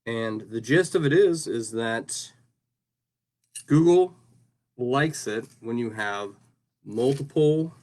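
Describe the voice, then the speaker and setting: A man's voice: medium pitch, animated, takes it slowly, long pauses, a little mellow. A man casually talking through his craft work on a livestream, rambling and often ending sentences with "right?". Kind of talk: casual livestream talk while working.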